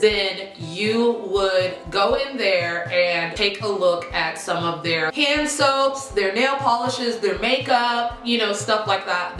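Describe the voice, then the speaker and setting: A young woman telling a casual storytime vlog, chatty and animated, talking straight to her viewers. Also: medium pitch, roomy sound. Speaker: vlogger.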